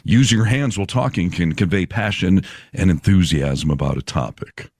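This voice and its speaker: A man's voice: low-pitched, normal speed, darkish tone, dry recording, clean studio sound. A man co-hosting a casual podcast, reading items from a list and joking, often laughing at himself. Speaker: podcast co-host.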